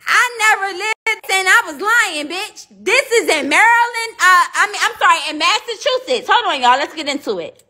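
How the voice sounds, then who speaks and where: Brash woman on a livestream, super high bright voice, cussing and calling out to y'all. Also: animated, moderate pace, hardly any pauses. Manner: brash, profane, addresses viewers as y'all. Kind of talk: casual livestream rant.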